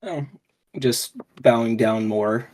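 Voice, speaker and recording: A woman playing a tabletop game who speaks slowly and hesitantly, with many hums. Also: rumbling low, steady tone, mellow, rough recording. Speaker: player.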